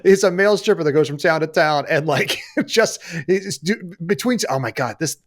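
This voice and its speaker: A man's voice: on the high side, animated, normal speed. A man narrating as game master, in a playful, dramatic storytelling manner.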